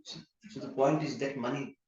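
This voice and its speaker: A man's voice: mid-range voice, steady tone, normal speed, a little mellow. Man giving a class in an echoey hall. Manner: anecdotal, mixes Sanskrit terms into plain talk. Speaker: scripture class speaker. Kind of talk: conversational scripture class. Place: temple hall. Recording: echoey hall, muffled sound.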